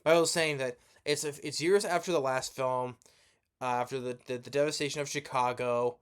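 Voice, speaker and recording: A man's voice: medium pitch, steady tone, normal speed, clear, resonant tone. A man giving a rambling, profane movie review rant, sleepy and yawning as he talks, with lots of restarts.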